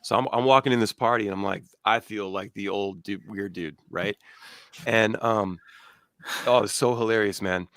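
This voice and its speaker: A man's voice: on the low side, moderate pace, a bit bright, dry recording. A man in his thirties hosting a podcast, rambling through road stories in a casual, swearing way. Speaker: podcast host. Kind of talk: casual chat.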